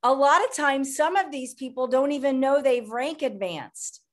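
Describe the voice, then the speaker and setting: A woman's voice: high voice, normal speed. A woman coach hosting a group call, talking encouragingly to her team. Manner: encouraging, laughs easily. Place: video or conference call.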